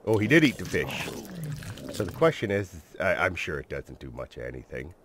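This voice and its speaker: A man with a deep voice, speaking at a moderate pace, hosts a gaming channel and gives excitable let's-play commentary. He swears mildly and talks to both his viewers and the creatures he tames, with a little hiss or hum in the background.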